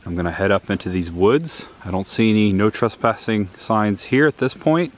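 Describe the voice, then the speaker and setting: A man's voice: on the low side, normal speed. A man narrating a casual walk-and-talk vlog outdoors in the woods, pointing things out as he goes, filmed on a handheld camera. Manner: enthusiastic, pointing things out as he walks. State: out of breath. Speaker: vlogger touring filming locations.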